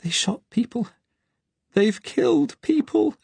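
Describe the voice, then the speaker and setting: A woman's voice: low-pitched, brisk, mellow, breathy edge, no echo, voice pushed up. A man voicing a frightened young Jewish woman with a middle-class English accent who speaks breathlessly, her voice rising toward hysteria. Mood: panicked.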